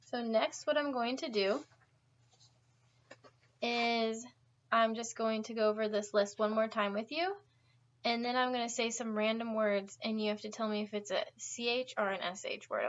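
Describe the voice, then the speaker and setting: Woman teacher, slightly high voice, very slow deliberate drilling, encouraging; dull lo-fi recording. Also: steady tone. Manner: encouraging, repeats words clearly for students. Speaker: pronunciation teacher.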